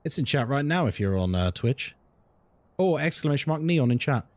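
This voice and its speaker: A man's voice: mid-range voice, very animated, moderate pace, dry recording. A young man streaming a ghost-hunting game live, chatting casually with his chat while he plays and reacting to what happens in the game.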